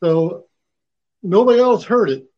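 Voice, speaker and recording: A man's voice: sits high, lively intonation, unhurried, darkish tone, lo-fi sound. A man, a paranormal investigator, telling his own story in plain, colloquial speech. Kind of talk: casual storytelling.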